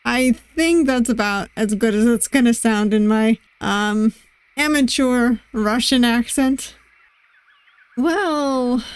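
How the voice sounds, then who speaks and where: A woman's voice: fairly high pitch, clear, resonant tone, dry recording. A woman streamer reading a visual novel aloud with chatty, amused asides to her viewers, on a close mic. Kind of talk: let's-play commentary and reading aloud.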